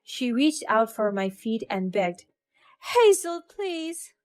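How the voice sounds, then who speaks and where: A woman narrating a first-person story in an even, earnest scripted tone. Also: medium pitch, a little slow.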